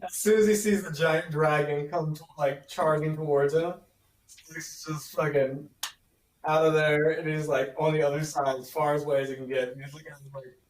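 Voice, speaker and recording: A man's voice: fairly high pitch, steady tone, normal speed. A man playing a tabletop game, chatting casually and often saying "like" and swearing. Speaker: player. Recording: roomy, distant mic.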